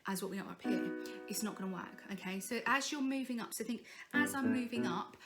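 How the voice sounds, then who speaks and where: A young woman giving an informal singing lesson, friendly and encouraging, checking in with her students with a quick "okay?" as she goes. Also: on the high side, loud music behind the voice. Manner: chatty, encouraging, frequent "okay?" check-ins. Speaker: singing teacher. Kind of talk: informal vocal tutorial.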